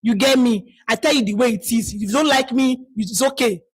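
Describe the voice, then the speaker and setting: A woman's voice: on the high side, a little fast, slightly rough, no echo, rough recording. A woman with a Nigerian accent leading an online community call, talking bluntly and scolding her listeners. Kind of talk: live call talk to members.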